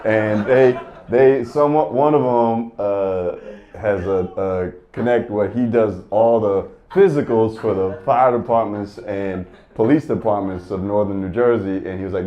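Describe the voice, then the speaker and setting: Stand-up comic, man, lowish voice, profane and fed up, muffled lo-fi sound. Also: a little slow. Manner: profane, exasperated storytelling. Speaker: stand-up comedian. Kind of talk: stand-up comedy set.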